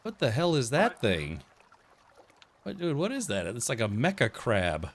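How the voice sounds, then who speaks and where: A man's voice: medium pitch, wildly swooping pitch, unhurried. A man hosting a let's play stream, chatty and easily distracted while he plays. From United States. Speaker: streamer host.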